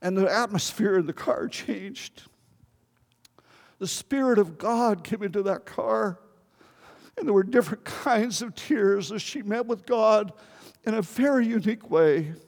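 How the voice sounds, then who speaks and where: An older man, a pastor telling a story in a sermon and pleading earnestly with his congregation. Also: sits high. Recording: long hall reverb.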